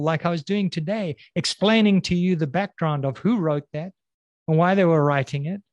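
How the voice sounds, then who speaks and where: A man preaching a sermon, pressing the listeners with repeated questions and slowing down to stress key words. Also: a little high, no echo. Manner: questioning, emphatic, slows and drops on key words.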